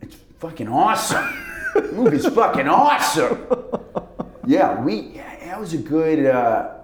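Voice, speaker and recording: Male actor guest, lively storyteller, pitch that jumps around, roomy echo. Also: measured pace. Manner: animated storyteller, stammers and laughs often. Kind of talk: casual interview chat. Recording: roomy echo, faint noise.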